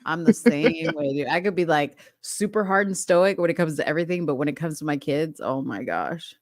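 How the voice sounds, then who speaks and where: A middle-aged woman co-hosting a casual chat show, telling stories in an animated way and laughing often. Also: sits low, fairly quick, dry recording, studio quality. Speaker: podcast co-host.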